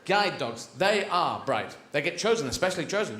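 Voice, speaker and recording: A man's voice: on the high side, very animated, moderate pace, slight background noise. A British man doing a stand-up routine on a theatre stage, theatrical and rambling, jumping into silly character voices. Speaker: stand-up comedian. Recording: live theatre recording, roomy with loud audience.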